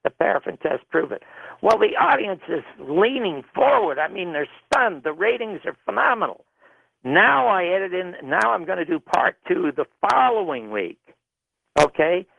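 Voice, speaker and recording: A man recounting his time producing a television show, animated, and acting out the arguments he quotes. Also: sits high, normal speed, vocal fry, dry recording. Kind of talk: recounting a story in an interview. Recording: tinny phone-line radio sound.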